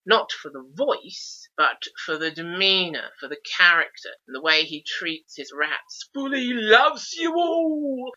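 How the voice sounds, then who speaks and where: A man hosts a laid-back podcast with a very bright, sharp tone. He talks eagerly and reels off lists. The sound is dull and lo-fi. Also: mid-range voice. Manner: chatty, enthusiastic, lists things off. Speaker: podcast host. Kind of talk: casual podcast chat.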